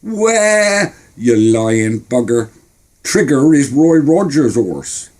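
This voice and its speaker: A man's voice: medium pitch, very animated, slow pace, darkish tone, voice pushed up. A man voicing a bold, cheeky young boy in a childhood tale. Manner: cheeky, blunt.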